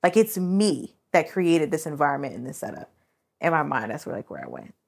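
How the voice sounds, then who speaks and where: A woman's voice: low-pitched, wildly swooping pitch, brisk, gravelly. Candid woman telling a painful story. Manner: candid, emotional, many "like" fillers. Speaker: podcast co-host. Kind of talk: casual personal storytelling.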